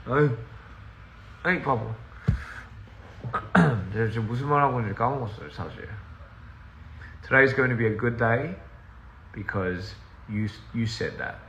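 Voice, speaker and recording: A man's voice: medium pitch, rapid-fire, long pauses, a bit bright, reverberant, a little hiss or hum, poor audio. A man chatting casually to viewers on a livestream from his house, rambling, easily sidetracked, laughing often and slipping in Korean and bits of other languages. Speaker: recording artist on a livestream. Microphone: phone livestream.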